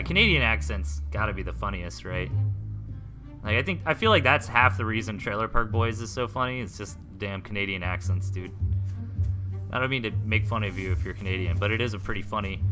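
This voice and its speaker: A young man from the Southern United States casting a game replay live, rambling through joking side chats between quick play calls. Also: fairly low pitch. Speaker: esports caster.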